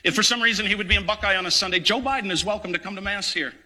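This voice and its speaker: Fired up priest giving an angry sermon, piercing bright tone. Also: male voice, high-pitched, racing. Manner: impassioned, indignant, emphatic. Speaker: parish priest. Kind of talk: preaching a fiery sermon. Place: church.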